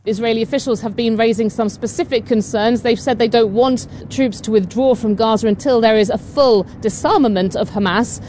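A woman correspondent filing a radio news report in a brisk, explanatory way. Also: on the high side, darkish tone, slight background noise. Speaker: foreign correspondent.

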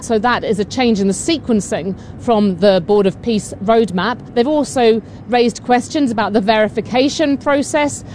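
A woman correspondent filing a radio news report in a brisk, explanatory way. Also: a little high, darkish tone, slight background noise. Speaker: foreign correspondent.

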